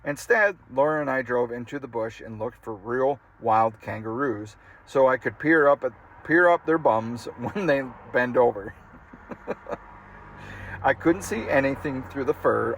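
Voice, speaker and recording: Guy reading a funny memoir out loud, easygoing, mid-pitched, chuckles at the text sometimes. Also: moderate pace, lo-fi sound, slight background noise. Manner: casual, amused reading that breaks into laughter. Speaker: audiobook reader.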